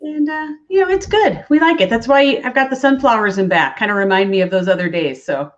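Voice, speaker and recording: A woman's voice: fairly high pitch, a little fast, muffled recording. A woman from Minnesota, a guest in a casual live-stream chat, cheerful and friendly. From Minnesota, USA. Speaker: guest, food safety coach.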